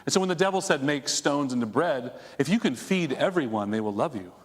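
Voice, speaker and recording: A man's voice: mid-range voice, expressive, brisk, big-room sound. A man preaching a conversational sermon as a pastor, asking his congregation rhetorical questions. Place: church sanctuary.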